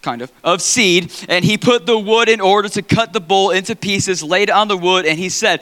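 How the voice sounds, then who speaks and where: A man's voice: high voice, moderate pace, hardly any pauses, bright, forceful tone. A man preaching in a large church hall, reading scripture dramatically with playful asides. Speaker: pastor.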